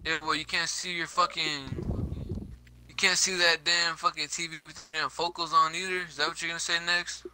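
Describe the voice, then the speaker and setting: A man's voice: a little high, little pitch movement, moderate pace, noisy background. A young man trash-talking a friend over game voice chat, crude and taunting, swearing constantly. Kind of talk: crude trash-talk roasting.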